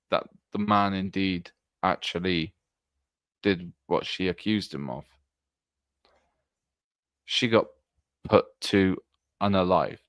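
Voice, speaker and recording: A man giving an earnest livestream monologue, halting and restarting as he talks. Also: mid-range voice, a bit bright, dry recording, clean studio sound. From Britain. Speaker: political streamer.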